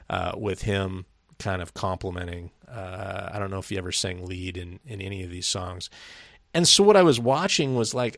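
A middle-aged man with a low voice, co-hosting a podcast, rambles through a story in casual chat, swearing freely and laughing a lot. The sound is dry and close-miked with no room echo.

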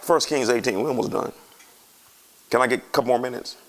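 Gravelly-voiced preacher man. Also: medium pitch, brisk, a little hiss or hum. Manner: animated, conversational preaching with asides to the congregation. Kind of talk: sermon.

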